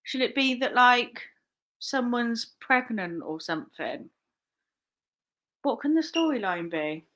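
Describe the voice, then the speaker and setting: Woman, chatty live-streamer, rambling and laughing, bright high voice. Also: expressive, slow pace, long pauses. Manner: chatty, rambling, laughs often, swears casually. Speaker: online reseller live-streaming. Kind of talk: casual live-stream chat.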